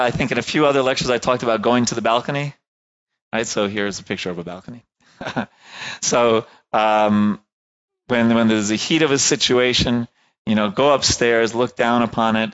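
A man with a medium-pitched, clean-toned voice lectures a class in a relaxed, conversational style, talking loosely and pausing to rephrase. He fills his speech with fillers and keeps asking "right?" to check that the room is following. The recording sounds dull and lo-fi.

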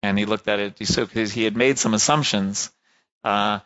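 A man's voice: lowish voice, steady tone, moderate pace, fairly bright tone. A man lecturing casually on lo-fi audio. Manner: conversational, many fillers and "right?" checks.

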